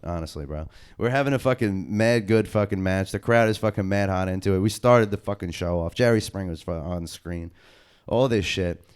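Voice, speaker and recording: Young male podcast host, resonant low voice, rambling hyped slang-heavy stories. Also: smooth. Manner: loose, excited storytelling full of slang and swearing. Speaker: podcast co-host and indie wrestler. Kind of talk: casual profane chat.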